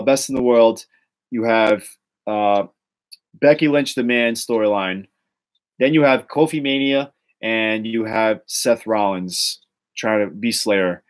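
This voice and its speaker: An excitable man with a Boston accent hosts a casual talk show, his thoughts tumbling out with restarts and fillers. His voice sits in an ordinary middle register. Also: medium pitch. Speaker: podcast host. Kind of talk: casual wrestling chat.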